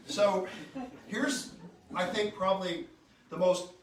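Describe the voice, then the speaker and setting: A man's voice: high voice, animated, unhurried, background noise. A man giving an informal political speech to a live audience. He is fired up and joking, and keeps quizzing the crowd with questions. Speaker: state senator. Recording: very echoey room, speaker far from the mic.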